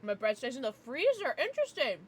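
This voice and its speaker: A young American woman streaming casually, chatting with viewers in an animated, ranting way and laughing often. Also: sits high, fairly quick, slightly rough. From United States. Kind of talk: casual livestream chat with viewers.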